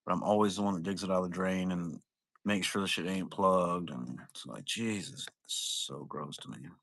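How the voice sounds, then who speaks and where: Bright-voiced man rambling on a livestream. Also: low-pitched, moderate pace, no room sound, studio quality. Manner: rambling, profane, laid-back. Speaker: trading card break seller. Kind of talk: casual livestream chat.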